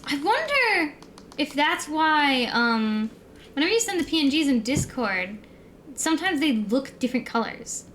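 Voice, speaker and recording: A young American woman talks through a casual stream in a high voice. She rambles, laughs easily and piles up fillers. A faint hiss sits under the voice. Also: big pitch swings, a little slow, a bit bright. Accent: neutral American. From United States.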